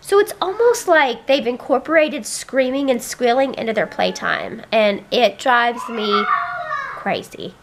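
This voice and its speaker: At a measured pace and in a slightly high, animated voice, a thirtysomething mom who vlogs about family life talks to the camera at home, rambling about her day and exasperated by her bickering children. Heavy background noise includes kids squealing and yelling.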